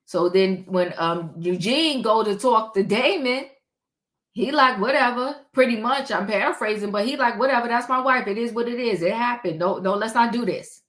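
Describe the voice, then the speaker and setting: Woman, high bright voice, slow animated recap commentary. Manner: animated, acts out quotes with rising pitch. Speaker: reality show recap host. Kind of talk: casual commentary.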